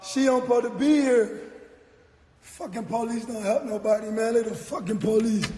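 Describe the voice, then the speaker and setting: A man arguing heatedly and profanely with police outside his home, shouting and frustrated. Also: extremely high pitch, normal speed, slight background noise.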